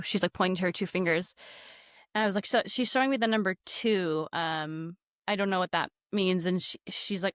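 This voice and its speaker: A woman's voice: lowish voice, fairly quick, no room sound, clean studio sound. A woman guest on a podcast telling a ghost story casually, acting out quotes and saying "like" a lot. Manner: animated, acts out quotes, many "like" fillers.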